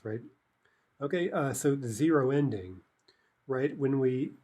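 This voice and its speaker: A man's voice: mid-range voice, a little mellow, slightly rough. A man teaching a recorded language lesson, explaining step by step and checking in with "right?" and "okay" as he goes.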